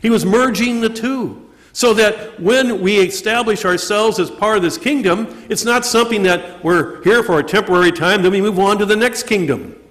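Priest giving a sermon at mass, highish voice, asks questions then answers them, big church echo trailing. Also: male voice, fairly bright tone. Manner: rhetorical questions answered himself, slow emphatic stresses. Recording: long reverb of a church.

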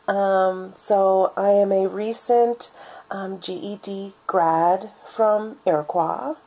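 Hesitant, tearful young woman, slow and breathy. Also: on the low side, a little mellow, poor audio. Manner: hesitant, full of ums, overwrought and tearful. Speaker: online dating video maker. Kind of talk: comedic parody of a dating video.

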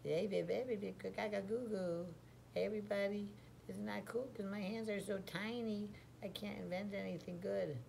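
A man's voice: steady tone, a little fast, vocal fry, darkish tone, slight background noise. A man putting on a babbling cave baby. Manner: baby talk, funny high voice. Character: babbling cave baby boy, tiny-handed would-be inventor.

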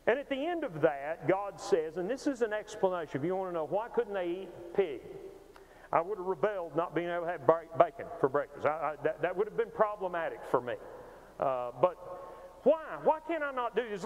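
A man's voice: high-pitched, darkish tone, lo-fi sound. A man preaching a Bible lecture in a church, teaching emphatically and conversationally, often restarting his words. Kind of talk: sermon-style Bible lecture. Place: church auditorium. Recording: long hall reverb.

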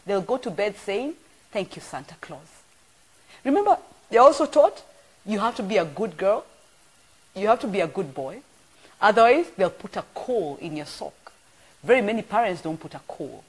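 A middle-aged woman with a Kenyan accent, preaching a sermon in an animated storytelling way that swings between loud and soft. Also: mid-range voice, moderate pace, husky, low-quality recording. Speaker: pastor. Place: church broadcast.

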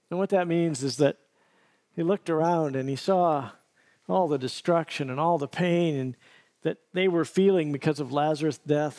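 Earnest storytelling male pastor, slightly high. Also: darkish tone. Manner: storytelling, vivid and earnest, with self-corrections. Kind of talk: sermon.

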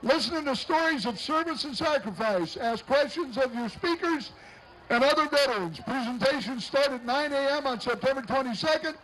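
Over a rough recording, a man with a very high-pitched, expressive, slightly bright voice talks at normal speed. He's giving live commentary on an outdoor street parade, joking around and bantering with the entrants as they pass.

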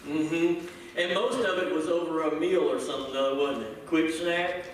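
Man, pastor, sermon, playful, acts out dialogue, high voice, heavy church echo. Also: a little hiss or hum. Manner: playful, joking with the congregation, acting out quick bits of dialogue. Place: church sanctuary. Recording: echoey room, picked up from a distance.

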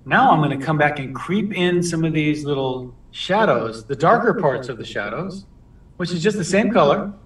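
A man's voice: a little high, normal speed, recorded from a distance. A man leading a live watercolor lesson, talking casually with lots of restarts as he paints. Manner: relaxed, chatty, lots of restarts. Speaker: watercolor instructor. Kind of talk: live painting demonstration with chat. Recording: roomy sound from off mic.

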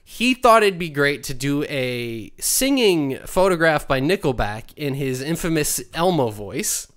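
Young male podcast co-host, animated storyteller, casual and profane. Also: on the high side, measured pace. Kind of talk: casual chat.

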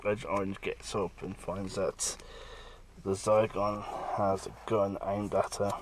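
A comic artist talking casually through pages he has drawn, lively, now and then slipping into quick character voices. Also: on the low side, background noise. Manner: lively, breaks into brief character voices while retelling scenes. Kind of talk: casual walkthrough of his own work.

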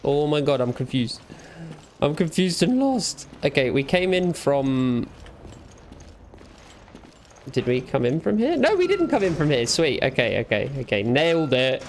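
Gamer, young man, slightly high voice, cheeky running commentary with faint background noise. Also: very animated, a little slow, long pauses. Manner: jokey, teasing, talks back to game characters. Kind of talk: let's play commentary.

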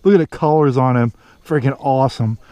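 A man filming himself bass fishing from a boat outdoors, cheering on every catch with casual commentary. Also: a little fast, no echo. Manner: excited, cheers on fish with stock phrases. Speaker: fishing vlogger.

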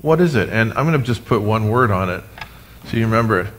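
A man preaching a sermon as pastor, animated, with humorous asides, speaking to his congregation and online viewers. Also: lowish voice, quick pace, a little hiss or hum. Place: church sanctuary, recorded for live stream.

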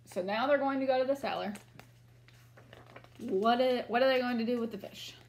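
A woman's voice: fairly high pitch, normal speed, darkish tone. A woman teacher reading a picture book aloud to children and asking them questions in an encouraging way.

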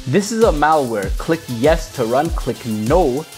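A man's voice: a little high, expressive, unhurried, a little mellow, soft background music. A man giving hyped, jokey commentary while running computer viruses on screen, yelping whenever something sudden happens. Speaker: YouTuber testing computer viruses. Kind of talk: casual screen-recorded commentary.

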